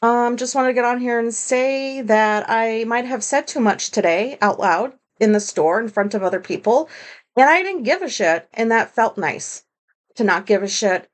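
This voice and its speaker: A woman's voice: on the high side, expressive, moderate pace. Rambling, foul-mouthed woman podcaster. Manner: rambling, candid and profane, with many fillers. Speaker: podcast host. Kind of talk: casual solo podcast monologue.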